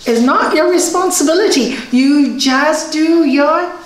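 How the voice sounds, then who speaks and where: A woman spiritual teacher giving an earnest, expressive talk that leads into a story at a yoga centre. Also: sits high, unhurried, slight background noise. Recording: echoey hall, mic far off.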